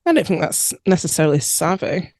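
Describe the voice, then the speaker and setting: Low-voiced woman, measured remarks. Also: big pitch swings, a little mellow, no echo. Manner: measured, thoughtful, dry remarks. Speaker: podcast co-host. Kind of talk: casual chat.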